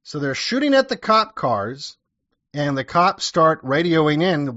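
A man with a fairly high voice narrates in a loose, sarcastic manner, full of crude wry asides. The recording is dry and close, with a slightly dull, lo-fi sound. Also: big pitch swings, unhurried, a bit bright, dry recording. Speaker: storyteller. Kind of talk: casual true-crime storytelling.

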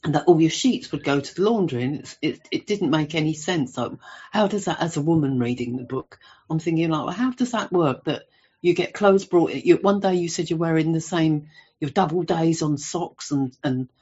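A woman's voice: low-pitched, moderate pace, darkish tone, husky. A woman calling in to a stream, asking a rambling question with many restarts and apologies. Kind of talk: casual stream chat. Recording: muffled stream audio.

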